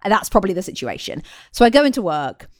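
Co-host, woman from England, middle-aged, bubbly storyteller, very lively pitch, dry close-miked sound. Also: fast, dry recording. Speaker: podcast co-host, sports presenter. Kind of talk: casual chat.

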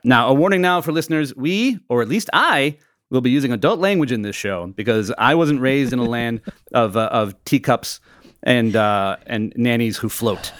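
A middle-aged man from the United States co-hosts a podcast with a playful, joking manner. His pitch swings widely and lively as he talks. The recording is dry and close. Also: normal speed, no room sound. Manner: playful, joking, laughs often. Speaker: podcast co-host. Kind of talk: casual chat.

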